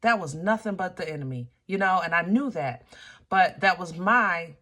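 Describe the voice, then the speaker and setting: Bright-voiced woman giving a preachy tarot reading. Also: fairly low pitch, animated, moderate pace. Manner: preachy and testifying, checks in with "okay?" and "you understand?"; playful asides and laughter between serious points. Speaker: tarot reader. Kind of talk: casual spoken tarot reading.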